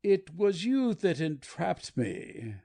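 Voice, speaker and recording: A woman's voice: lowish voice, big pitch swings, takes it slowly, vocal fry, mellow, voice pushed down, exaggerated voice. A woman reading an audiobook, voicing a passionate, desperate young male anarchist who pleads with his comrades. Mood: bitter. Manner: impassioned, pleading.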